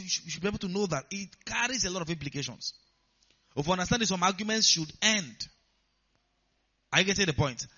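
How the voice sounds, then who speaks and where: Man preaching with a high, sharp tone, punching up key lines; muffled lo-fi audio. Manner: rising to emphatic bursts, asks the congregation questions. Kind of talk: sermon. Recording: dull lo-fi sound.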